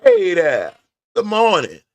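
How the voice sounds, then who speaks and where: In a garage, a man vlogs casual commentary about driving to work, rambling as he addresses his viewers. He speaks slowly in a high, creaky voice whose pitch swoops wildly. There's no room sound.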